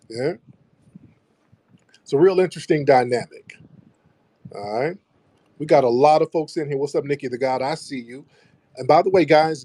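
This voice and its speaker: A man's voice: on the high side, dark tone, breathy edge, no room sound. A man hosting his own radio show, lecturing the audience in an emphatic monologue and repeating phrases to drive points home. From United States.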